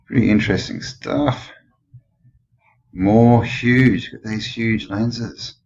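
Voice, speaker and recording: A man's voice: mid-range voice, fairly even intonation, slow pace, darkish tone, highs cut off. A man with an Australian accent who rambles and muses, asking questions as he comments casually on old photos. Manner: rambling, musing, full of questions. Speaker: channel host.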